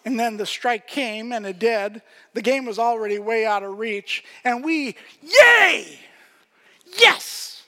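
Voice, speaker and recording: A man preaching a sermon as pastor, swinging from loud emphasis to hushed whispers. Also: high voice, fairly even intonation, moderate pace, hardly any pauses, in a large hall.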